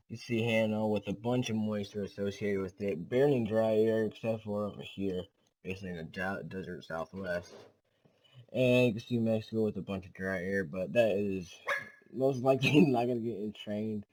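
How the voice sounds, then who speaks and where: A young man hosts his own weather video, rambling casually as he points across satellite and model maps. His voice sits a bit low, and he leans on filler words between thoughts. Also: darkish tone, a little hiss or hum, rough recording. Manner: loose and rambling, many "so yeah" fillers. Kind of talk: casual weather briefing over screen maps.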